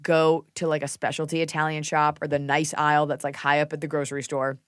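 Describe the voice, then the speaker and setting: A woman podcast host in casual chat, telling animated stories, acting out quotes and swearing freely. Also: low voice, fast talker, clean tone, no room sound, studio quality.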